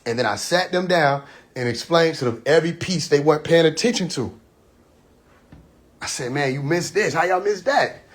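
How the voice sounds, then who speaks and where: A man's voice: a little high, lively intonation, moderate pace. A man hosting a livestream, telling a story casually and animatedly, laughing often and acting out quoted dialogue. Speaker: live stream host. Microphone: phone livestream.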